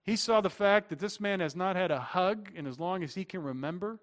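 A middle-aged man preaches with a fairly high voice. He moves between emphatic, raised lines and quiet, hushed ones as he talks to his congregation. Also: a little fast. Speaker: pastor. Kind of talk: sermon.

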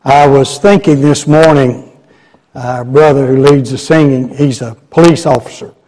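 Slow folksy older preacher. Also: male voice, mid-range voice, fairly even intonation, warm tone, poor audio. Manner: slow folksy storytelling, chuckling. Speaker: guest preacher. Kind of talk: sermon. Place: church sanctuary.

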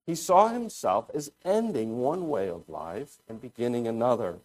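A man preaching a sermon, deliberate and thoughtful, often pausing and restarting his phrases as he explains scripture. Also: medium pitch, expressive, a little mellow. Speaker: pastor.

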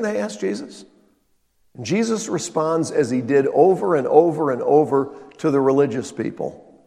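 A man preaching a sermon as pastor, emphatic and swinging between loud stresses and quiet asides. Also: a little high, expressive, moderate pace, creaky. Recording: long reverb of a large hall.

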